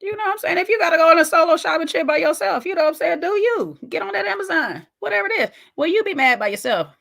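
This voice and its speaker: A woman with a very high, gravelly and fairly bright voice talks fast with lively intonation while hosting a reaction video. Her casual commentary on a clip is sassy and emphatic, aimed straight at the viewer.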